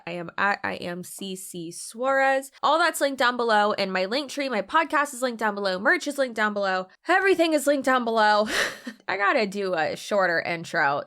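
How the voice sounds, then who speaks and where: A tired young woman hosting her channel, talking in a lively, sarcastic and casual way and laughing often. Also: mid-range voice. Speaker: host. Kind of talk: casual commentary.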